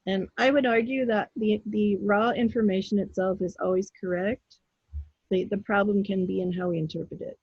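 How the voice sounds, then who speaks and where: A woman speaks with a husky, breathy voice, telling stories in a casual and animated way. She acts out her own pleas and the voices of other people as she goes. The sound is dry and a little dull, with no room echo. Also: medium pitch, normal speed. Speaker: guest, intuitive healer. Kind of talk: casual storytelling in an interview.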